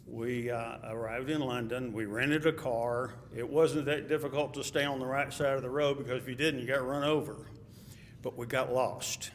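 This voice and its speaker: A man's voice: medium pitch, steady tone, normal speed. A man with a Texas accent telling a chuckling personal story at a memorial. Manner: chuckling, anecdotal. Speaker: eulogy speaker. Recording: hall reverb, faint ambient noise.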